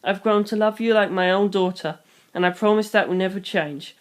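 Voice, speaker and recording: A calm, soft-spoken middle-aged mother, put on by a storybook reader. She is gentle yet firm, and her voice sits at a plain, middle pitch. Her talk is quiet and reassuring. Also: brisk, close to an everyday voice. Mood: tender. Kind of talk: storybook reading.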